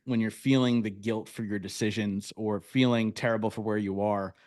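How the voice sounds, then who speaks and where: A man hosting a podcast interview, reflective and agreeable as he responds to his guest. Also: fairly low pitch. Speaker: podcast host.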